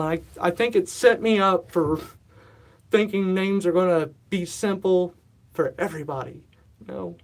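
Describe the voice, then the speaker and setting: A man in his thirties, slightly out of breath, rambles through a casual livestream chat. He fills his talk with asides and self-deprecating remarks. He talks from a warm, humid indoor room. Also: high voice, normal speed. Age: 30s. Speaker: livestream host. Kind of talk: casual live-stream chat.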